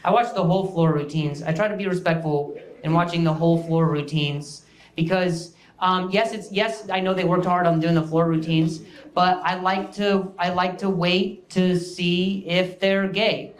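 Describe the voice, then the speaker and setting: A man's voice: sits high, steady tone, normal speed. A man doing a stand-up comedy set on stage with a handheld mic, talking in a sarcastic, mock-boastful way and riffing loosely. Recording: echoey venue with loud noise.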